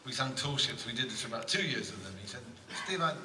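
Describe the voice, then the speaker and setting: A man's voice: medium pitch, noisy background. Man telling stories from a concert stage. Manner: anecdotal, halting, chuckling. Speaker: performing musician. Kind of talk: on-stage storytelling between songs. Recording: echoey live hall from far off with music.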